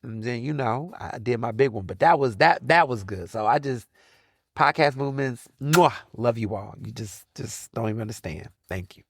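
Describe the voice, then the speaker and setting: A man hosting his own podcast, talking casually in a chatty, slangy way with quick asides. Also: medium pitch, lively intonation, breathy edge, no echo, clean studio sound. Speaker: podcast host. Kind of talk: casual solo podcast monologue.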